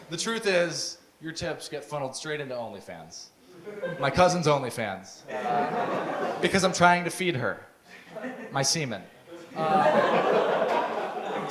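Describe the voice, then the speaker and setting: A young man doing a deadpan stand-up set of dark one-liners. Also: a little high. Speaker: stand-up comedian. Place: comedy showcase stage. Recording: live with loud audience. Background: audience laughter.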